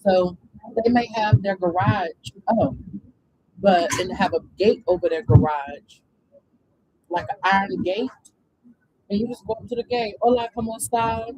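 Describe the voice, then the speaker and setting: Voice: mid-range voice, measured pace, long pauses, a little mellow, highs cut off, a little hiss or hum. A speaker telling a long story in casual chat, rambling with many fillers.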